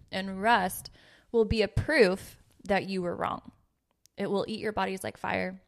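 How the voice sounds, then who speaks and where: A woman's voice: medium pitch, fairly even intonation, measured pace, vocal fry. A woman in her thirties hosting a casual faith podcast, earnest and playful, sometimes reading scripture aloud. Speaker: podcast host.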